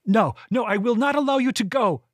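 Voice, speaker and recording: A man reading an audiobook, voicing an ancient, eyeless, cruel old sorcerer with a raspy voice. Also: high-pitched, animated, takes it slowly, dry recording, pitched above the performer's own voice, exaggerated voice. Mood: frantic.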